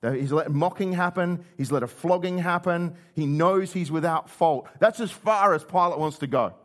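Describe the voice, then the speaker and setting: A man's voice: a little high, normal speed. A male preacher retelling scripture in a conversational sermon, acting out the quotes. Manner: conversational storytelling, acts out quotes.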